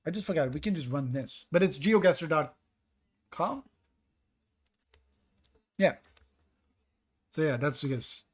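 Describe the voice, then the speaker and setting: A man with a fairly high voice streams a geography guessing game. He reasons out loud and second-guesses himself. He chats casually with his viewers between guesses. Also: animated, slow pace, long pauses, husky. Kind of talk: live-stream commentary reading chat.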